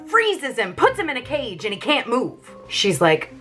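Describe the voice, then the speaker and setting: A woman casually and playfully retelling an opera's plot in a jokey, animated way. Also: a little high, unhurried, soft background music. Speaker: opera presenter.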